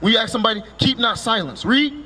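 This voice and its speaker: With a very high, sharp voice, a man preaches on the street at a fast, animated clip. He barks a curt "Read" to have each scripture read aloud, then explains it, repeatedly asking listeners "right?" along with rhetorical questions.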